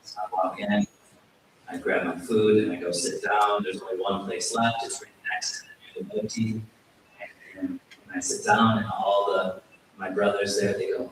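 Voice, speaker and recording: With a lowish voice at normal speed, a male yoga teacher tells stories during a temple talk, poking fun at himself and animatedly acting out quotes. A distant mic in a big, echoing hall picks him up, along with faint hiss.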